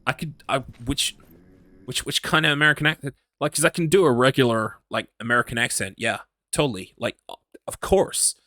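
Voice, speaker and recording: A medium-pitched voice, pushed and bright and a little fast, comes from an Englishman streaming a horror game. He chats in a rambling, self-mocking way, talking to himself as he reads chat, and the studio sound is clean and dry.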